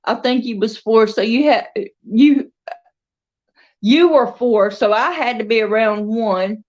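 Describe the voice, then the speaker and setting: Her voice is on the high side and darkish, and she speaks at a measured pace. She's a Southern crochet and doll vlogger with a Southern US accent, telling a rambling, casual vlog story punctuated by laughter. The audio sounds dull.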